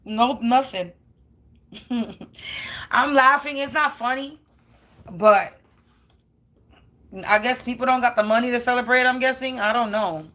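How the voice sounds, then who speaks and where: A woman's voice: fairly high pitch, sharp tone. A woman who reads tarot cards talks straight to her viewers in a loose, rambling way. Her speech is blunt and slangy, full of casual swearing. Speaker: tarot card reader.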